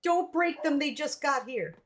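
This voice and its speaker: Young woman host, bubbly, lilting high voice. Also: animated, measured pace, very noisy. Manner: bubbly, laughing, hesitant fillers. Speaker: streamer host. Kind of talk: casual live-stream chat.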